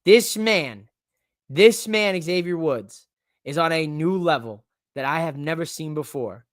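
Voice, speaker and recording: A man hosting a live-streamed podcast in a casual, excitable, rambling way, with emphatic bursts. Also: on the high side, a little slow, no room sound, clean studio sound. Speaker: podcast host.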